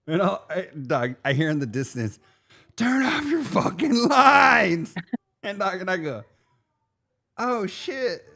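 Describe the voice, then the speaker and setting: A man co-hosting a podcast, telling a story in a casual, slangy way and calling people "dog" again and again. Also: medium pitch. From Arizona. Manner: animated, slangy, says "dog" constantly. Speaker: podcast co-host.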